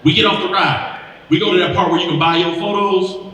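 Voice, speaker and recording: A man's voice: sits high, fairly quick, far from the mic. A man in his thirties from Milwaukee performing a stand-up comedy set on stage, telling stories and acting out the voices of the people in them. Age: 30s. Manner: animated storytelling with acted-out voices. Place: stage in a large hall. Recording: echoey hall, mic heard from afar.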